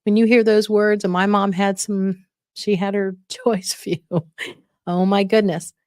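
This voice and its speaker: A woman's voice: medium pitch, flat delivery, unhurried, a little mellow, no echo, studio quality. A woman hosting a casual advice podcast on dementia care, encouraging and often checking in with listeners.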